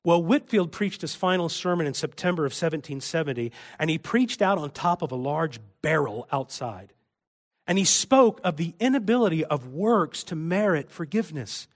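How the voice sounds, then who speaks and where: A man preaching a sermon as pastor, moving between quiet, intimate passages and loud, impassioned appeals. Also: on the high side. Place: church.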